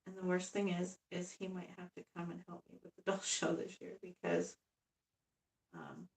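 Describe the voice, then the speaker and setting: Brief: rambling woman in her fifties live-streaming her crafts, gravelly voice, echoey room. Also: on the low side. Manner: rambling, chatty, laughs often. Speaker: doll artist live-streaming. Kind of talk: casual live stream chat. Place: home room. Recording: echoey room, far from the mic.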